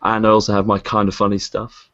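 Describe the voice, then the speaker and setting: A man's voice: lowish voice, completely flat delivery, fast, fairly bright tone, lo-fi sound. A man chatting as a podcast guest over an online call, telling stories with quoted voices. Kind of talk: casual chat.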